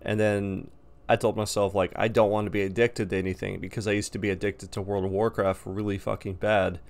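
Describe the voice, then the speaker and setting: A young male vlogger goes on a casual, rambling rant, swearing bluntly along the way. His low voice carries a gravelly rasp, and his delivery is flat and fairly quick.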